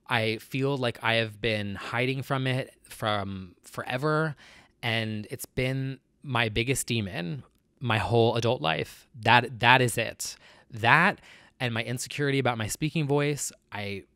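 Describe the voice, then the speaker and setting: A man's voice: medium pitch, measured pace, bright, forceful tone, no room sound. Earnest nasal man, dry close sound. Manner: earnest and confessional, with many fillers. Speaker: vlogger. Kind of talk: casual personal vlog chat.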